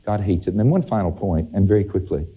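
A man's voice: sits low, fast talker, breathy edge. A man preaching a sermon, emphatic, his voice climbing sharply on key points. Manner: emphatic, rising to exclamations. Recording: dull lo-fi sermon recording.

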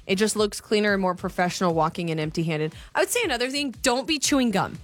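A woman's voice: medium pitch, expressive, fast talker, faint music behind. A woman co-hosting a chat show, reading listener comments and giving blunt opinions. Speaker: radio co-host.

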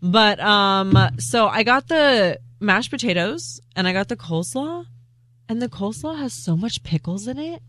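A woman's voice: mid-range voice, animated, moderate pace, a bit bright. A woman co-hosting a late-night show, telling bubbly, self-deprecating stories in casual chat. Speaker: co-host.

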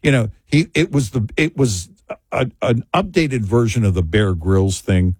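A man's voice: mid-range voice, measured pace, darkish tone, breathy edge, no room sound. A man co-hosting a talk radio show in a studio, telling rambling, joking stories and laughing often. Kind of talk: casual talk radio chat.

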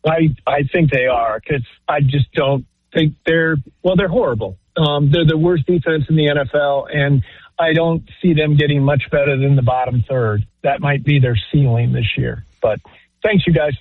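A man calls in to a sports talk radio show over a tinny phone line. He has a fairly high voice and speaks in halting, stammering restarts. The sound is dry, with no room echo. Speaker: caller.

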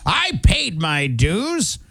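A man putting on the voice of a grumbling elderly man who is set in his ways, speaking in a creaky, drawn-out old-person voice. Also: high-pitched, wildly swooping pitch, sharp tone, pitched above the performer's own voice, heavily acted.

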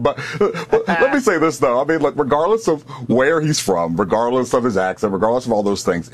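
Man on a panel, husky voice, pitch all over the place, passionate, repeats himself starting out. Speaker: panel guest. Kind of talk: panel discussion commentary.

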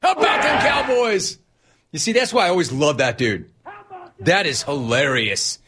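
A man hosting a sports talk show, teasing and animated, reading out chat and laughing often. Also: on the high side, moderate pace, heavy background noise.

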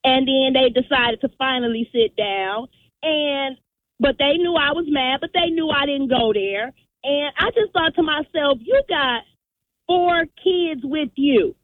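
Speaking at a measured pace in a high voice, this radio caller spins an animated tale and performs the characters' voices. The phone line sounds tinny and dry, with no echo.

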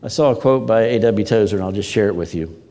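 A man's voice: fairly low pitch, quick pace, warm tone. A man preaching a sermon as a pastor, telling stories with energy and repeating words for emphasis. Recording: long hall reverb.

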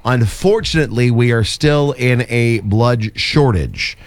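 Male radio host, mid-pitched, announcer delivery, studio mic. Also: animated, unhurried, no echo. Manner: announcer-like, reads shout-outs and plugs. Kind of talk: upbeat morning radio segment. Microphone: studio microphone.

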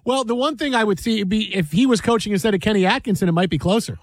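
A man's voice: high voice, quick pace, no room sound. A man co-hosting casual sports talk, joking and teasing his partners. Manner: jokey, teasing. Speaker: sports radio co-host.

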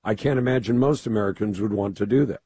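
Gravelly-voiced male talk radio host. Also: on the low side, fast, dark tone, dry recording. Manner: conversational, pointed questioning. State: hoarse.

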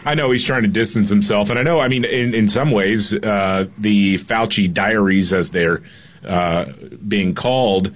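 A male co-host on a talk show, sarcastic and quick to laugh. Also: lowish voice, steady tone. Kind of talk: casual political talk show.

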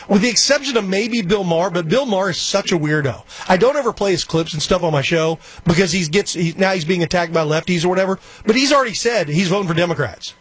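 Male talk radio host, high and slightly husky, rambling and opinionated. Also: dry recording. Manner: rambling, opinionated, quick asides. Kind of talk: casual talk radio monologue.

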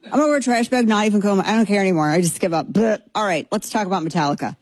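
A woman in her thirties from Texas talks rapid-fire in a husky, medium-pitched voice, recorded through headphones with no room sound. She hosts a casual opinion show, animated and sarcastic, repeating herself emphatically for effect.

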